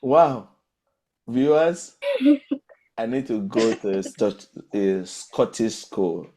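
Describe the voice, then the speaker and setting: A man hosting a podcast and interviewing children, often pausing and repeating his questions in new words. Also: lowish voice, expressive, warm tone. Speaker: podcast host.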